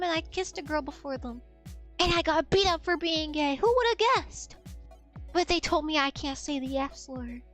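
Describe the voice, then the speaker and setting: A woman's voice: high-pitched, fairly bright tone. A young woman streamer chatting candidly in a loose, rambling way that often trails off. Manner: rambling, candid, trailing off into repeated "I don't know". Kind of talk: casual stream chat.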